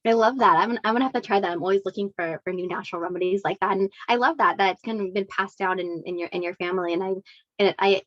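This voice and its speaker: A woman's voice: mid-range voice, fast, no room sound. Rambling woman on dull, dry lo-fi audio. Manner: rambling, heavy on "like" and "you know", warmly affirming. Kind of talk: casual video-call interview.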